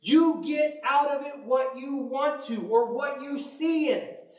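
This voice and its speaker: A man's voice: very high voice, unhurried. A man giving a casual, jokey sermon and telling a personal story for a faith podcast, heard in an echoey room from a distance. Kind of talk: conversational sermon.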